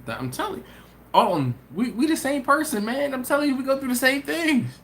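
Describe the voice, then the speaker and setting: Laughing, animated man chatting live. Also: extremely high pitch, brisk, a little hiss or hum. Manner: laughs often, animated storytelling, slangy. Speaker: host of a barbecue channel live stream. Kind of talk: casual live-stream chat, reading viewer comments aloud.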